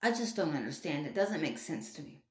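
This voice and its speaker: A woman's voice: low-pitched, sing-song, brisk, darkish tone. A woman delivering an indignant commentary rant, scolding with repeated rhetorical questions. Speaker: online commentator. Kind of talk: ranting commentary video. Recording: roomy echo.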